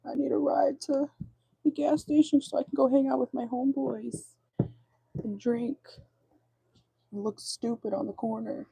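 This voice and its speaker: A woman mimicking a whiny, broke ex-boyfriend who pleads for a ride in a high, breathy voice. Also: steady tone, moderate pace, long pauses, warm tone, no room sound, full character voice, poor audio. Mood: whiny pleading. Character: whiny broke adult ex-boyfriend begging for rides.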